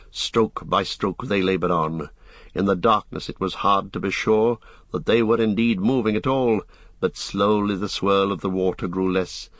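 A man reading a fantasy story aloud as an audiobook narrator, in a steady storytelling manner. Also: low voice, no room sound. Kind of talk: scripted narration.

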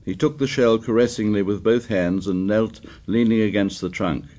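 A man narrating an audiobook in a measured, steady reading voice. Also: lowish voice. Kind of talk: scripted narration.

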